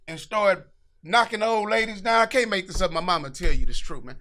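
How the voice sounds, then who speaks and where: A man co-hosting a podcast, telling stories in a lively, excitable casual chat. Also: sits high, fairly quick, soft background music. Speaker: podcast co-host.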